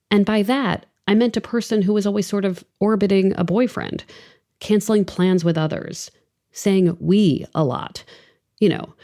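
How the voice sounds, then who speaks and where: A woman's voice: medium pitch, lively intonation, moderate pace, dark tone. A woman in her forties hosting a podcast, narrating a scripted story in a wry, conversational way. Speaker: podcast host.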